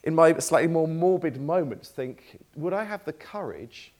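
A man's voice: fairly high pitch, expressive, normal speed, darkish tone. A man preaching a sermon in a church, reading scripture aloud in a conversational, lightly self-deprecating way.

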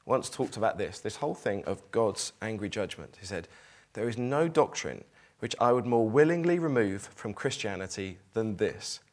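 A middle-aged man preaching a sermon, reading scripture aloud and acting out its tone with emphasis. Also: on the high side.

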